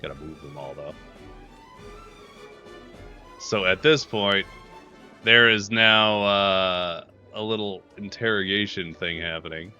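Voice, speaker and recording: Bright-voiced man narrating as game master. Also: deep voice, slow pace, long pauses, dull audio, soft background music. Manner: loose and casual, full of fillers and hedges.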